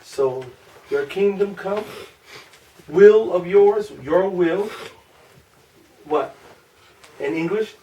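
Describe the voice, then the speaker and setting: A man with a Chicago accent teaching a small group class, asking questions and slowly repeating syllables. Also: high voice, dark tone. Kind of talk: informal group language lesson. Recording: distant room mic with faint noise.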